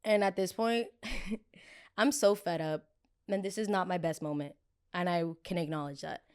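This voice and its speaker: Young woman, podcast host, casual storytelling, slightly low voice, animated quoted voices. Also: a little slow, smooth.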